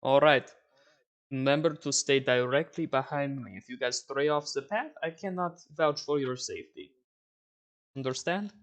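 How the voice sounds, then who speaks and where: Tall, deep-voiced female forest guide, put on by a man, thick Eastern European accent, formal and watchful. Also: normal speed, close to an everyday voice. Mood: guiding. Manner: formal, clipped, ends questions with "yes?".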